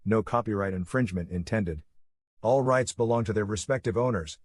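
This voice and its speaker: A man reading a copyright disclaimer in a flat, steady way. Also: fairly low pitch, a little fast, heavy background noise. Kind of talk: read legal disclaimer.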